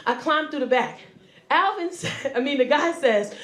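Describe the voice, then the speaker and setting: A woman comedian telling a story on stage in an animated way, acting out the voices and swinging between loud and soft. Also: high voice, normal speed, echoey room. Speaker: stand-up comedian. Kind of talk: stand-up storytelling.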